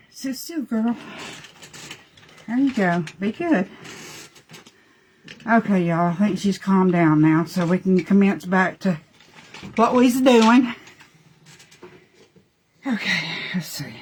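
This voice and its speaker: A woman's voice: medium pitch, a little mellow, a little hiss or hum. A woman chatting folksily through a live makeup demo, talking to her dogs between steps.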